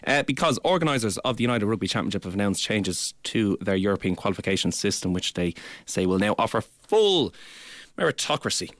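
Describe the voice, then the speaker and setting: A man's voice: fairly low pitch, big pitch swings, brisk, a bit bright, no room sound. A man presenting a radio sports show, reading news lines between jokes. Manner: jokey, laughs often. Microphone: studio microphone.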